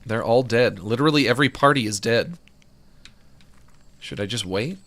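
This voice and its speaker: Animated man commenting on a game. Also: medium pitch, moderate pace. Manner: excitable, swings between delight and frustration, swears. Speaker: gaming streamer.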